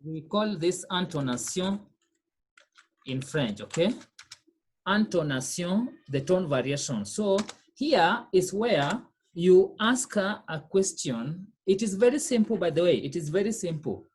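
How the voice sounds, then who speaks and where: A woman's voice: lowish voice, expressive, unhurried, a little mellow, a little hiss or hum. A woman teaching a French lesson, explaining patiently, repeating phrases and checking that students follow. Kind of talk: online class lesson.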